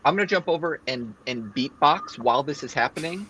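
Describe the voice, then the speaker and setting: A man playing a tabletop game, asking questions in a halting way and repeating himself. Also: a little high, expressive, crowd noise, rough recording. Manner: halting, repeats his words. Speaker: player. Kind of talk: casual tabletop game chat.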